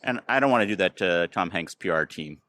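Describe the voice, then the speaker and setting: A fairly low-pitched American man talks in a loose, casual way. He hosts the chat and wanders through his stories with plenty of ums and restarts. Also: animated, fairly quick, sharp tone. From United States. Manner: rambling, filler-heavy storytelling. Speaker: podcast host. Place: outdoors near a train station.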